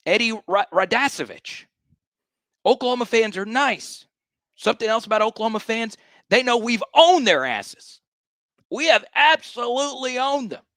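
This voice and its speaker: A man's voice: very high voice, big pitch swings, moderate pace, a bit bright, no room sound. A man hosting a sports fan livestream, ranting in a fired-up, hyped way and repeating lines for emphasis. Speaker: sports show host.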